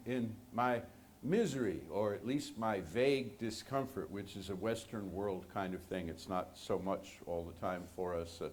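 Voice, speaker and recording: Man preaching, low voice, conversational, animated, faint room hum. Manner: conversational, animated, joking with the congregation. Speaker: minister. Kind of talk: sermon. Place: church sanctuary.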